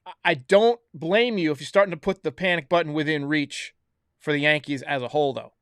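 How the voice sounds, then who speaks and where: A man's voice: on the high side, fairly quick, a bit bright, smooth, no echo, studio quality. A man hosting a baseball recap show, giving blunt, opinionated commentary straight to his viewers. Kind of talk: solo sports recap commentary.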